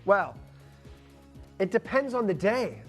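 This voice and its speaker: A man's voice: sits high, big pitch swings, slow pace, faint music behind. A man presenting live on a shopping channel, calling out prices and bantering with his co-host. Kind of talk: live auction selling. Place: TV studio.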